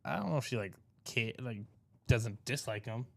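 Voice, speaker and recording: Lively, animated male co-host. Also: mid-range voice, normal speed, creaky. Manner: playful, lively banter. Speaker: co-host of a live card break stream. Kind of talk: casual live-stream chat.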